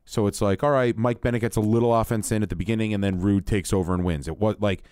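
A man's voice: on the low side, fairly even intonation, quick pace, a little mellow, clear, resonant tone, no echo, studio quality. A man who produces and co-hosts a casual talk show, joking and firing back playfully. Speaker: producer and co-host. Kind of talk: casual sports and wrestling chat.

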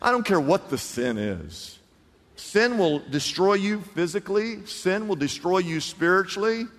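A high-voiced male pastor preaching with animated swings between shouted lines and near-whispers. His voice rings out through a church, with a long reverb trailing each phrase. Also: unhurried. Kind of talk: sermon.

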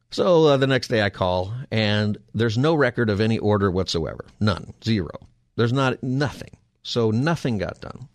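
Middle-aged guy radio host ranting about his day, kinda low voice, dry studio sound. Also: no room sound. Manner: storytelling, exasperated and animated. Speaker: radio talk show host. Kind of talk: casual call-in radio monologue.

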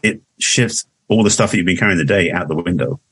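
This is a casual interview with a guest from England in his sixties, who rambles through his story, frequently restarts and laughs readily. He speaks quickly in a low, fairly bright voice with a breathy edge.

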